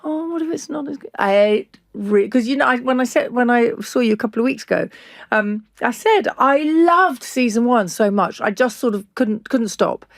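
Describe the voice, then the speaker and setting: A woman hosting an interview podcast, warm in her praise and effusive. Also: fairly high pitch, moderate pace, no echo, clean studio sound. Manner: enthusiastic, effusive. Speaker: podcast host. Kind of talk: casual interview chat.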